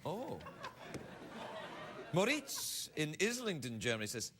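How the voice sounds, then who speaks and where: A man hosting a late-night talk show, reading viewer emails aloud and riffing on them with animated, mock-indignant comedy. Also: a little high, normal speed. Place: TV studio with live audience. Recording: loud studio audience, live-broadcast noise.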